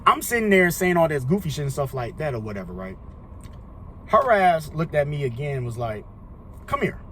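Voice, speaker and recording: A young man with a somewhat high voice tells a loose, rambling storytime. He swears freely and leans on slang fillers. A faint hiss of noise sits behind him. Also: big pitch swings, fairly quick, a bit bright. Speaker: storyteller vlogger. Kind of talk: casual storytime monologue.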